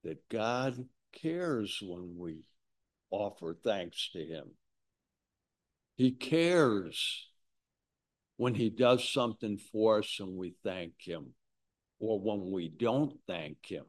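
A man's voice: lowish voice, lively intonation, takes it slowly, pauses often. A man preaching a sermon in a folksy, conversational way, with asides to his congregation. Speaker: pastor.

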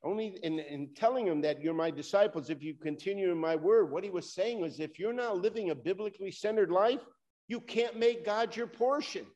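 A man's voice: high-pitched, fairly quick, darkish tone. A man preaching a sermon, talking straight to his congregation with rising and falling emphasis. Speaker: pastor.

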